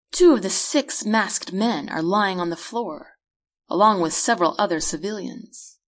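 Woman narrating her own book, kinda husky voice, steady paced storytelling. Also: medium pitch. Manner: measured storytelling read. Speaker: author reading her own novel. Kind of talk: first-person audiobook narration.

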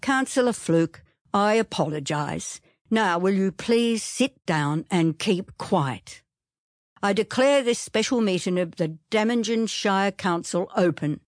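A woman voicing a loud, blustering middle-aged male town mayor, gruff and barking orders. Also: medium pitch, animated, slow, dry recording, clean studio sound.

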